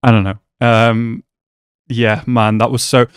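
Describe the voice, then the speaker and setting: Smooth-voiced young man reacting to anime. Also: medium pitch, slow, dry recording, clean studio sound. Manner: excitable, gasping and shouting, then reflective and subdued.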